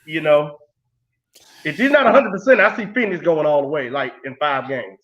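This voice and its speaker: A man's voice: fairly high pitch, normal speed, muffled recording. A man as a guest on a casual sports talk show, playful, confident and emphatic.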